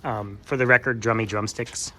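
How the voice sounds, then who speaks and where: A man's voice: lowish voice, steady tone, moderate pace, pushed and bright, a little hiss or hum. A farmer vlogging in a goat barn, chatting playfully and cooing baby talk at his goats. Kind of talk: casual vlog chat with farm animals.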